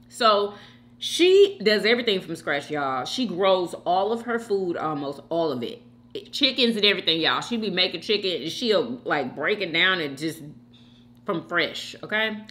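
A woman's voice: medium pitch, sharp tone. A woman hosting a mukbang, chatting casually while she eats and giving her opinions straight to her viewers. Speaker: mukbang host. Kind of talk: casual chat while eating.

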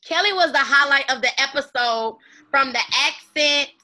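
Bright-voiced woman doing a chatty tv recap, slangy and animated. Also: high-pitched, moderate pace. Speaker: YouTube channel host. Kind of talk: casual TV recap chat.

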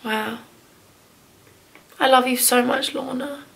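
A woman's voice: high-pitched, steady tone, takes it slowly, creaky, a little hiss or hum. A young woman from England, chatting to her handheld vlog camera at home, gushing and emotional, a little teary. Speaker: vlogger. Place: home living room.

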